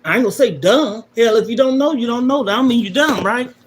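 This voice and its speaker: A woman's voice: on the high side, expressive, quick pace. A middle-aged woman hosting a livestream, talking emotionally and emphatically to viewers about her life and repeating her key points like a sermon. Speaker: livestream host. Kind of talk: emotional personal talk to viewers.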